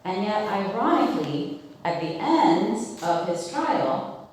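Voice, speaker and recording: A woman with a mid-range, slightly mellow voice leads a Bible study, very animated but taking her time. She talks casually, asks the group questions, and uses lots of fillers. The room is very echoey and the mic sits at a distance.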